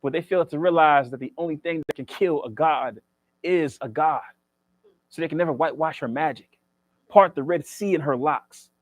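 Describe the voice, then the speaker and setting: A man's voice: a little high, no echo. A man performs spoken word poetry as the featured poet at a library reading, with a rhythmic, preacher-like cadence and joking banter between poems.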